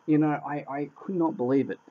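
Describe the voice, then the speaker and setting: A man's voice: a little high, fairly even intonation, brisk. A man giving a casual spoken film review. He sounds exasperated, swears a lot and keeps repeating himself. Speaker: movie reviewer. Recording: dull lo-fi recording.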